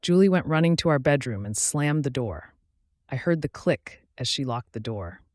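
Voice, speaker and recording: Man narrating a story, lively pitch. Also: normal speed, no echo, clean studio sound. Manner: plain storytelling with mild censored swearing. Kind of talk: reading a first-person relationship story.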